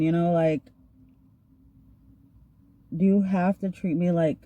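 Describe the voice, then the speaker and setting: A woman's voice: on the low side, takes it slowly, pauses often, no echo. A young woman casually telling a story while getting ready, chatty and slangy, acting out the people she quotes. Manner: chatty, slangy, animated retelling with acted quotes. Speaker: vlogger.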